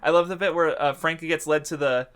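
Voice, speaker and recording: A podcast co-host chats casually in a fairly high, steady voice, talking fast with a clear, resonant, slightly bright tone. He rambles through fillers and restarts, laughs a lot, and swears freely.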